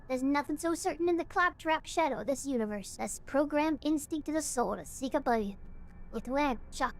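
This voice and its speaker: A woman voicing a solemn cult leader who gives a slow, grave farewell sermon while she reads game text aloud. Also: sits high, slight background noise, voice pushed down. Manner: slow, grave, preaching delivery.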